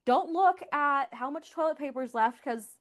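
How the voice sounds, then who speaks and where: A woman's voice: high voice, normal speed. A woman hosting a podcast, telling candid stories in casual chat, full of "like" fillers. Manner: candid, storytelling, frequent "like" fillers. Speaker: podcast host.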